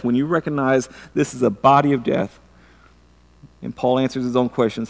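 A man's voice: medium pitch, fairly even intonation, a little fast, gravelly. Middle-aged guy preaching, earnest, keeps restarting his words, long hall echo. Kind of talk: sermon. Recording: long reverb of a large hall.

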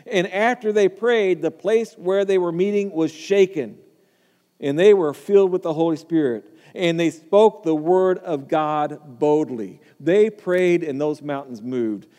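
A man's voice: sits high, normal speed, warm tone, in a large hall. A man preaching a sermon as pastor, emphatic, often repeating words and pushing his voice up for stress.

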